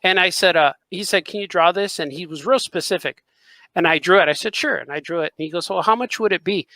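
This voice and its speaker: A man who draws comics, co-hosting a podcast and telling a story with lively acted-out dialogue and frequent laughter. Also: high voice, quick pace, no echo, rough recording. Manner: animated storyteller, acts out dialogue, laughs often. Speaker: podcast co-host and comic artist. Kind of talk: casual chat.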